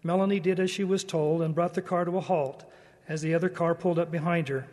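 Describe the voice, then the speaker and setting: Earnest high-voiced man in a hall. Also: fairly even intonation, fast talker, darkish tone. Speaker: church speaker. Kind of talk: devotional talk.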